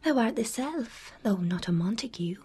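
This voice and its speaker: A woman playing a young lovesick teenage girl, delivering stage verse in a breathy, half-whispered voice with slow, sighing phrasing. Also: on the high side, animated, mellow. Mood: yearning. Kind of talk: stage verse performance in period pronunciation.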